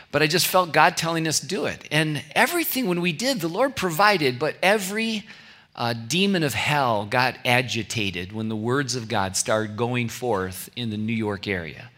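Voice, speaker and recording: A man's voice: medium pitch, lively intonation, moderate pace, bright, forceful tone. A middle-aged male pastor from California, preaching in a conversational way with anecdotes and asides. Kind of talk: sermon.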